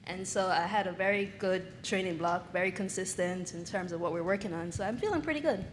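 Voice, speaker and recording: A woman's voice: lowish voice, brisk, slight background noise. A woman, a hurdler, answering at a press conference in a composed, focused way.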